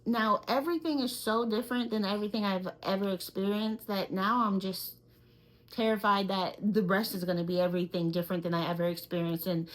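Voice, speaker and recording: A woman's voice: mid-range voice, steady tone, brisk, rough recording. A young woman co-hosting a podcast, telling a personal story casually and animatedly, with many filler words. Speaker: podcast co-host.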